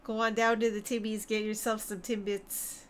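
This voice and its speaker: A woman's voice: mid-range voice, level tone, normal speed, a little hiss or hum. A woman, chatting and joking as she streams a video game. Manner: joking, chatty, reacting aloud. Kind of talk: casual gaming commentary.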